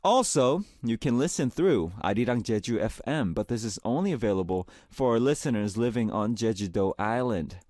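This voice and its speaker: A man's voice: mid-range voice, a little mellow, no room sound. A young man hosting a radio music show, moving from a reflective scripted opening into friendly announcements at a studio microphone.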